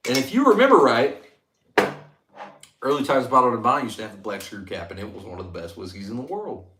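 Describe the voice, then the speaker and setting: A man hosting a casual whiskey livestream, chatting loosely and getting excited as he reads out and thanks viewer comments. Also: medium pitch, fairly quick, heavy background noise. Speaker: livestream host reviewing whiskey. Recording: echoey room.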